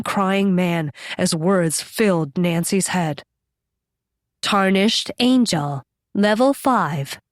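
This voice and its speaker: A woman reading a horror novel aloud in steady, measured scripted narration on a close microphone. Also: medium pitch, dry recording. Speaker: audiobook narrator.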